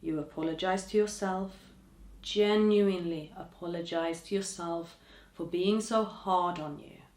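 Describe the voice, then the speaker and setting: A woman hosting a podcast, speaking to listeners in a gentle, encouraging way with soft trailing endings. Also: lowish voice, fairly even intonation, measured pace, echoey room. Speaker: podcast host. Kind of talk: reflective podcast monologue.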